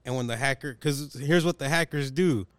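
A man's voice: medium pitch, moderate pace, smooth, no room sound. A young man hosting a casual podcast chat, animatedly telling a story in slangy, profane talk and acting out the people in it.

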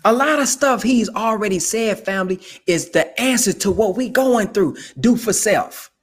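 Young man, fairly high voice, emphatic, colloquial, preachy commentary. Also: expressive, normal speed, husky. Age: young adult. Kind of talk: casual direct-to-camera commentary.

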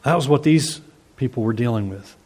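A man's voice: mid-range voice, animated, fairly quick, darkish tone. A man preaching an expository sermon, earnest and emphatic, reading scripture aloud and explaining it to the congregation. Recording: long hall reverb.

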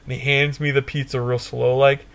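A young man co-hosting a podcast, telling a stoner story in a profane, animated way and laughing often. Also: mid-range voice, moderate pace, vocal fry. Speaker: podcast co-host. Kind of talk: casual storytelling chat.

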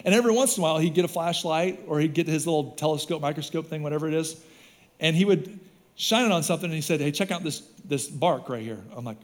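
A man preaching a sermon as pastor, in a casual, animated storytelling way, with lots of "like" and "right?". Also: on the high side, fast. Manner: animated storytelling with voiced quotes; casual, says "like" and "right?" often.

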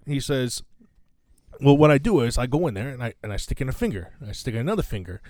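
A man's voice: mid-range voice, sing-song, fast, darkish tone, no room sound. A man co-hosting a casual podcast, telling long jokes and breaking into laughter at his own punchlines. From Midwest US. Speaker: podcast co-host.

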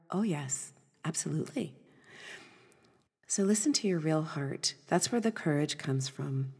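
A woman hosting a podcast, giving a gentle motivational talk, soft and often dropping to a breathy half-whisper. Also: deep voice, big-room sound. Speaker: podcast host.

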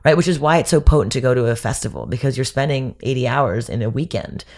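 A woman guest in a casual podcast conversation, telling stories in an animated way with many restarts. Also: extremely low pitch, fast talker.

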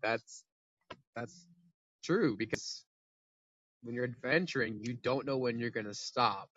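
A man's voice: medium pitch, a little slow, fairly bright tone, no room sound, dull audio. A man co-hosting a podcast, rambling in a laid-back casual chat and laughing easily. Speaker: podcast co-host.

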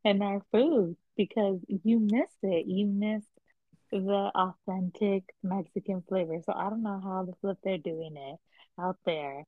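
A young woman co-hosting a podcast, chatting in relaxed slang and laughing often. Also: medium pitch, a little slow, dry recording. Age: young adult. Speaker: podcast co-host. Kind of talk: casual chat. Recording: tinny phone-like line.

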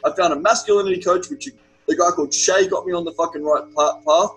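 A young Australian man in casual chat, telling an animated story with lots of swearing. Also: high-pitched, fast talker, a little hiss or hum, poor audio. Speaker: podcast guest.

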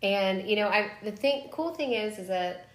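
A woman's voice: mid-range voice, lively intonation, moderate pace, roomy sound. A woman co-hosting a podcast in a playful, giggly, rambling casual chat. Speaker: podcast co-host.

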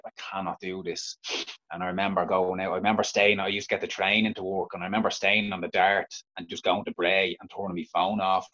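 A man with a Dublin Irish accent, an interview guest telling his own story frankly, halting and restarting often. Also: low-pitched, a bit bright, lo-fi sound. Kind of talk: candid personal storytelling.

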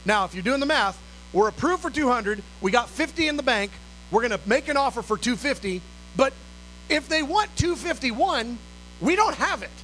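A man with a very high, bright, forceful voice tells a story from the pulpit. He is animated and jumps into the voices of the people in his story. A faint mains hum sits under his voice. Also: normal speed, low-quality recording. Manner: animated, acts out dialogue and sometimes shouts. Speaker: pastor. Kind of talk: storytelling sermon.

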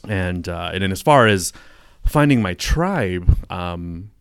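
A man's voice: deep voice, lively intonation, slow pace, clean tone, no echo, studio quality. A man from California, a podcast guest, telling his story in an earnest, reflective way during a casual interview. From Stockton, California. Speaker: podcast guest, coworking space owner.

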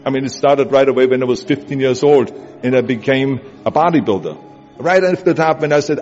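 A man's voice: mid-range voice, a little fast, darkish tone. A man with a German accent giving an emphatic, repetitive motivational speech that urges the listener on. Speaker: motivational speaker. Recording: dull audio with long hall reverb. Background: music bed.

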